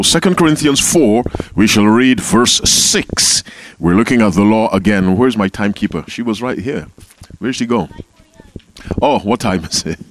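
A man's voice: fairly low pitch, no room sound. A man leading an interactive Bible class, calling on members by name and repeating key phrases. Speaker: Bible teacher.

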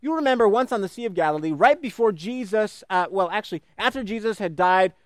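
A male preacher with a high, lively voice that leaps between soaring peaks and low, quiet drops. He preaches in an animated way, acting out voices in the stories he tells. The sound is dry and close, with no room echo. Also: quick pace. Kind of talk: sermon.

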